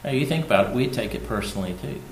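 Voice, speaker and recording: A man preaching a sermon, repeating his key phrases for emphasis and swinging between hushed and loud delivery. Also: medium pitch, expressive, racing, gravelly, roomy sound, a little hiss or hum, low-quality recording.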